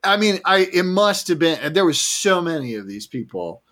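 A man's voice: fairly high pitch, sing-song, moderate pace. A man telling a story in a casual podcast chat, swearing freely, laughing often and acting out the people he quotes. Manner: profane, laughing, acts out quoted voices loudly. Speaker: podcast guest.

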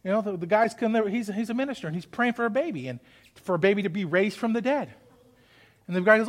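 High-voiced male pastor preaching. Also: sing-song, fast talker. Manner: preaching with rising intensity and call-and-response; acts out pleading voices. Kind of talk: sermon.

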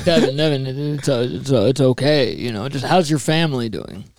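A podcaster voicing a soft-spoken male movie star impression, mumbling and drawn out. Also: medium pitch, expressive, a little fast, voice pushed down, natural voice. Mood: placating.

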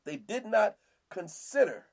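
Guy with a high voice preaching through the bible line by line, keeps repeating stuff and asking amen. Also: animated, a little slow. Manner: repeats phrases, asks "Amen?" often. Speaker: Bible teacher and podcast host. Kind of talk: verse-by-verse preaching.

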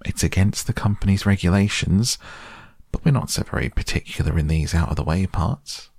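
A man's voice: deep voice, a little fast, gravelly, a little mellow, breathy edge, no room sound, clean studio sound, exaggerated voice. A man voicing a burly, kindly working-class engine driver who talks in a folksy rustic dialect. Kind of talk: audiobook character voice.

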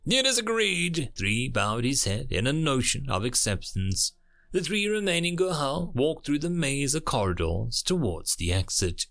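A man narrating a dramatic story in a lively, animated voice whose pitch rises and falls a great deal. He reads steadily and expressively, like an audiobook. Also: moderate pace.

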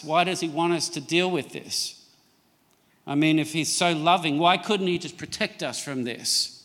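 A middle-aged male pastor preaching a sermon, reading scripture slowly for emphasis and calling for amens from the congregation. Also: fairly high pitch, fairly bright tone, big-room sound. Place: church.

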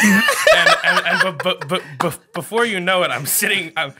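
Animated, laughing man with noise behind. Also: on the high side, normal speed, hardly any pauses. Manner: animated storyteller who laughs often. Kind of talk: casual chat. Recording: clear background noise.

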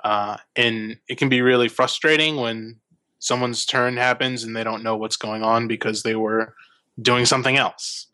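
A man's voice: mid-range voice, fairly even intonation, moderate pace, sharp tone, no echo. A man on a casual panel discussion, chuckling at himself in a self-deprecating way as he answers. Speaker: panel guest.

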